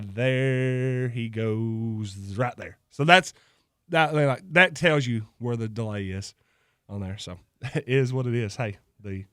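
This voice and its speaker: Hosting a local radio show from the studio, a man with a mid-range, slightly bright voice jokes around loosely and laughs easily between sponsor reads. His voice is close-miked and dry, with no echo.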